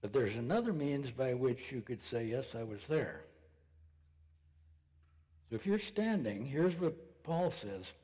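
A male pastor preaching a sermon, posing rhetorical questions in a slow, deliberate way. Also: mid-range voice, sing-song, mellow, breathy edge, in a large hall. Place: church sanctuary.

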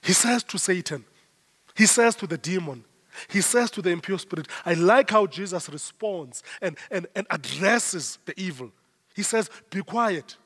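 A man's voice: high voice, lively intonation, moderate pace, a bit bright, husky. A South African man preaching a sermon as pastor, emphatic and repeating his phrases in rising waves. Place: church. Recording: long church hall reverb.

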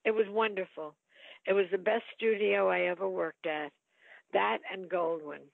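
Here a guest actress, older, talks at a moderate pace in a mid-range voice with vocal fry. Her reminiscences about film work are chatty and full of lively quoted asides. The sound is dry, as if over a tinny phone line.

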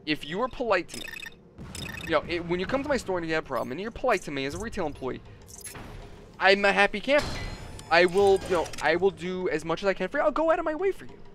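High-pitched and sing-song, this man talks quickly in a fairly bright tone while hosting a gaming video. He chats casually, cusses a lot, and voices the customers in the story he tells over gameplay.

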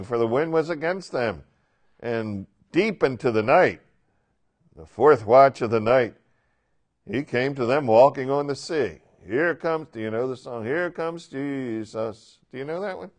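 Talking through a Bible passage in a relaxed, lively way, this male teacher keeps putting questions to his class and performs the quoted lines himself. He speaks at medium pitch and a moderate pace.

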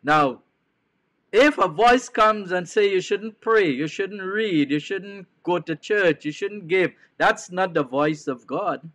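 A Trinidadian man preaches a televised sermon in a high, unhurried voice. He repeats his key phrases as a bishop would and turns to his listeners with questions. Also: a bit bright.

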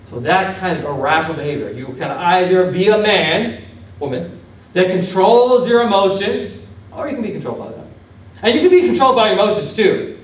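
A man preaching as pastor, lively, questioning his congregation and acting out Bible figures. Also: high voice, brisk, a little hiss or hum. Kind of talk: sermon. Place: church sanctuary. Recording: echoey church hall from a distance.

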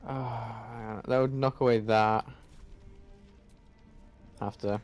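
A man's voice: mid-range voice, fairly even intonation, extremely slow, faint music behind. A man playing a video game, muttering and swearing at it as he goes. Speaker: gamer. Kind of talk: game commentary.

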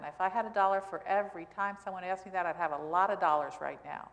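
A woman's voice: lowish voice, steady tone, fast talker, creaky, lo-fi sound. A woman pastor giving a sermon in a conversational style, asking the congregation questions as she goes. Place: church sanctuary. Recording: church hall reverb.

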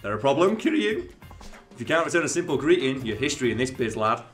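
Guy putting on a loud flashy game director, short fuse, voice jumps way up and down. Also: medium pitch, sing-song, quick pace, soft background music, close to an everyday voice. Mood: bossy. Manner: showy, theatrical, sudden outbursts. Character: brash loud male TV director, quick-tempered. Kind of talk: reading game dialogue aloud in character.

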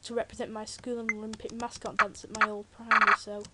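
A woman's voice: a little high, flat delivery, fast talker. A teenage girl with a British accent, giving chatty, jokey commentary while playing a video game, full of rambling asides. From Britain. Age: teens. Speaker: Let's Play gamer. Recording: loud keyboard typing noise. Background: loud keyboard clicks and typing.

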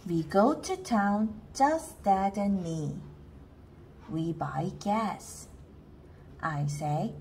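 A woman reading a children's book aloud, slowly and carefully, with lots of expression. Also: medium pitch, expressive, vocal fry, a little mellow, a little hiss or hum. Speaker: storybook reader.

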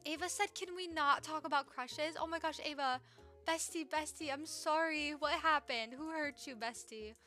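A young woman with a high, bright voice chats bubbly through a live gameplay stream, greeting viewers and reading their comments aloud. She talks into a desk mic at home, with soft game music behind her.

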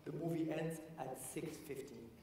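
Man, keynote speaker, energetic storytelling, high voice, large echoing conference hall. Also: normal speed, far from the mic, slight background noise. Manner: energetic, storytelling, addresses the audience directly. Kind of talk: motivational conference talk. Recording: echoey hall, voice from afar.

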